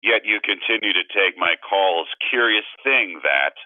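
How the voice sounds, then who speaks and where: A man on a phone call, putting on a sly, taunting, menacing actor with a low drawl. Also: lively intonation, moderate pace, dry recording. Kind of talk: comedy impression call-in. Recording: tinny dry phone line.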